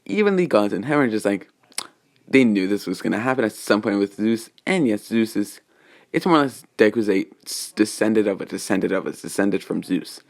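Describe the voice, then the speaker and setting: Gravelly low-voiced man rambling through a story. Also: lively intonation, fairly quick. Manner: meandering, full of restarts and filler phrases. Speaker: fan fiction storyteller. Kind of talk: casual rambling story retelling.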